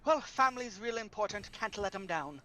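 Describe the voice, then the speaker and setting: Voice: medium pitch, expressive, moderate pace, sharp tone. A player voicing a dry-witted male halfling adventurer, talking wryly, from far off the mic. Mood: earnest. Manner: wry, dry humor.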